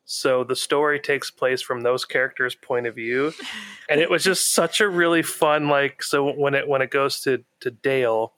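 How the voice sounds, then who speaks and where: A man's voice: medium pitch, moderate pace, fairly bright tone, no room sound. A man chatting casually as a podcast co-host, retelling an episode with frequent laughs and filler words. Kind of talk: casual chat.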